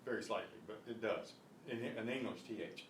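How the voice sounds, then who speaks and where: A man teaching a beginners Spanish class, patiently repeating words slowly for pronunciation drills. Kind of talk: beginner language lesson. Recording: echoey room, voice from a distance, faint rumble.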